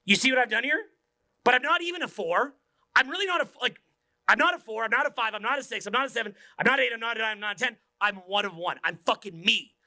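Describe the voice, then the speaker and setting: A man in his forties giving a profane, intense motivational seminar talk as a dating coach, swinging from whispers to shouts. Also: very high-pitched, quick pace, dry recording, clean studio sound. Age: 40s.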